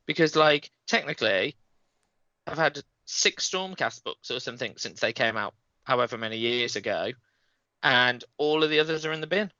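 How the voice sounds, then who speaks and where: A man's voice: medium pitch, expressive, normal speed, pushed and bright, no echo, muffled recording. A man in a casual group chat, ranting in long run-on sentences.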